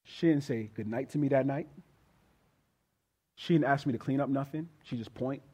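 A man's voice: mid-range voice, normal speed, darkish tone, slightly rough. A man preaching a sermon, moving from prayer into a personal story and talking straight to the congregation. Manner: conversational preaching, addresses congregation as y'all.

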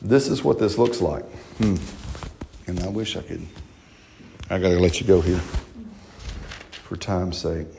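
A man preaches in church, his voice sitting a little low. He talks in a folksy, animated way, often checking with the congregation through rhetorical questions. A faint hiss of noise runs underneath. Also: measured pace, vocal fry, long pauses. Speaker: pastor. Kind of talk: sermon.

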